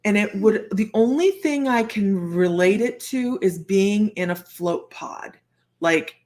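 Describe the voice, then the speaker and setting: An older woman, a psychic medium, telling a personal story in a chatty, animated way with frequent laughter. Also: mid-range voice, slow pace. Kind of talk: storytelling monologue.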